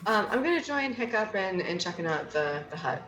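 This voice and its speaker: A woman's voice: mid-range voice, very animated, a little fast, fairly bright tone. A woman playing in a tabletop game, chatting casually and hesitantly, often starting with um. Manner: hesitant, lots of ums and restarts, chatty. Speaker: player. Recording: roomy, slightly dull sound with faint music.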